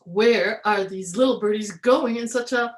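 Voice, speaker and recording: A woman voicing a sly, hungry male fox in a picture-book reading, speaking slowly and smoothly to lure the birds. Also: medium pitch, lightly acted. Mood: coaxing. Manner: smooth, slow, coaxing.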